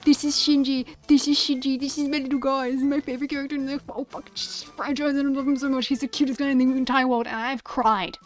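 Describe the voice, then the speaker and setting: A woman's voice: sits high, flat delivery, fast, few pauses, faint music behind. A young woman streamer chatting casually and gushing about favorite characters, stammering and repeating words often.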